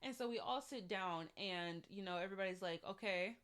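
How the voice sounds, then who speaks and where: A young woman giving an animated, slangy recap of a reality show, acting out the quotes as she goes. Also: medium pitch, fairly quick, clear, resonant tone. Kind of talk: casual recap vlog.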